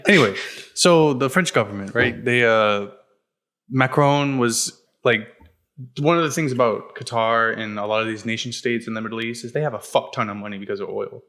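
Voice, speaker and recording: A man's voice: mid-range voice, normal speed, a bit bright. A young man co-hosting a podcast, explaining in a blunt, profane, casual way while hedging often. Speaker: podcast co-host. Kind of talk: casual chat.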